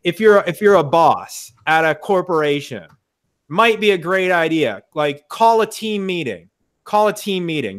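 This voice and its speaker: Young male podcast guest, fairly high voice, blunt and swearing, emphatic. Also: big pitch swings, a little slow, fairly bright tone. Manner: frank, profane, emphatic. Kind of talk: casual conversation. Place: in the US Midwest.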